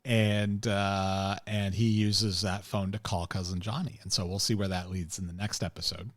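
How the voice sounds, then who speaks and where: A man's voice: low voice, level tone, moderate pace, no echo. Rambling, opinionated male podcast host. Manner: rambling, opinionated, frequent fillers and chuckles. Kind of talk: casual chat recapping a TV episode.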